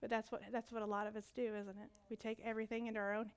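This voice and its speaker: A woman preaching a sermon, telling stories with acted-out voices and swinging from loud commands to whispered asides. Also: a little high, level tone, rapid-fire, clean tone.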